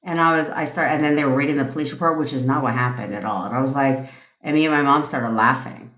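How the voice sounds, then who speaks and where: A woman with an extremely low, slightly bright voice hosts a live stream, telling stories quickly in a brash, profane, casual rant and laughing often. The room is echoey.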